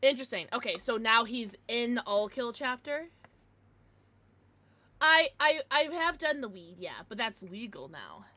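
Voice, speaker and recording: A woman's voice: a little high, big pitch swings, moderate pace, few pauses, bright, forceful tone, dry recording. A young American woman chatting casually on a livestream, giggly and bubbly as she greets viewers and reads out chat.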